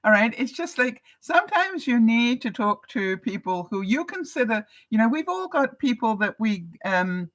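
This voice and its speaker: A woman's voice: a little high, big pitch swings, moderate pace, hardly any pauses, a bit bright, low-quality recording. An older woman from Canada, hosting a live vlog broadcast and chatting casually with viewers, laughing often. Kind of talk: casual advice chat to viewers.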